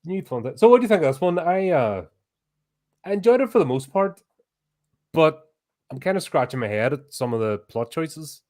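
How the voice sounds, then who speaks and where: Guy co-hosting a podcast, middle-aged, loud and lively, laughs a lot. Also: a little high, moderate pace, pauses often. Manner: loud and animated, laughs easily. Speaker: podcast co-host. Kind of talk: casual chat.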